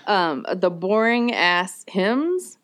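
A woman co-hosting a relaxed conversation, trading stories and laughing easily. She tells her stories with animation and sometimes breaks into bits of song. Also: mid-range voice, very slow. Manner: laughs often, animated storytelling with sung bits. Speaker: podcast co-host. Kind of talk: casual chat.

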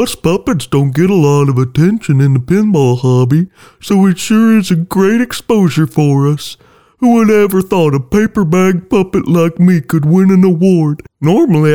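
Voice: mid-range voice, warm tone, lightly acted. A performer voicing a naive, folksy young male paper bag puppet with a rural drawl in a comedy sketch.

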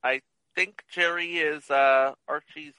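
High, bright, wry man chatting. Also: slow pace, smooth, dry recording, low-quality recording. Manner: wry, teasing, animated. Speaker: podcast co-host. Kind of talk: casual movie chat.

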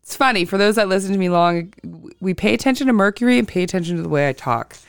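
Solo astrology podcaster: slow, thinks before speaking, restarts a lot; gravelly, dry sound. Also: mid-range voice, no room sound. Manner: self-correcting, with frequent restarts. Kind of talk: casual solo podcast talk.

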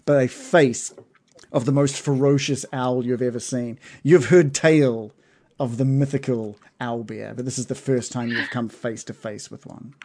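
Gravelly-voiced man running a tabletop game. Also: mid-range voice, fairly even intonation, normal speed, a little mellow. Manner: hesitant, many fillers and restarts. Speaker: game master.

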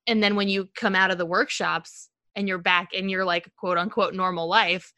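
A woman's voice: medium pitch, moderate pace, clean tone, dry recording. Casual woman podcast host, dry sound. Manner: relaxed, uses "like" often. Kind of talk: casual interview. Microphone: video call.

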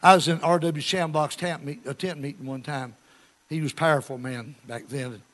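Male preacher, slightly high voice, animated storytelling sermon with hushed asides and shouts. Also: moderate pace.

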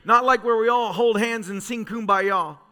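High, bright-voiced fervent preacher man. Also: normal speed, smooth. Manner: fervent, storytelling preacher who swings from soft to shouting. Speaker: pastor. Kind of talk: sermon. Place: church sanctuary.

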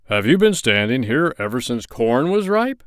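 A man voicing a jolly, brisk old Santa Claus in a storybook reading, talking loudly and heartily. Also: mid-range voice, very animated, clear, resonant tone, no echo, clean studio sound, pitched above the performer's own voice, close to an everyday voice. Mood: gruff. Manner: loud, hearty proclaiming.

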